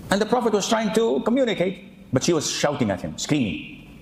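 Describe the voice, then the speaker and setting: Animated preacher man in an echoey hall. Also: high-pitched, fairly quick, creaky, a little hiss or hum. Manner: animated, mimics people, peppers speech with 'yani'. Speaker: Islamic preacher. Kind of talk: lively sermon with humorous asides.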